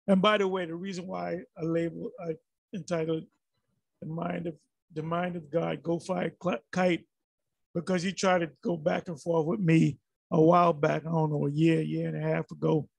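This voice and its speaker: A man's voice: fairly high pitch, little pitch movement, normal speed, gravelly, slightly rough, no echo. A man giving rambling, exasperated commentary on a religious video, full of restarts and fillers.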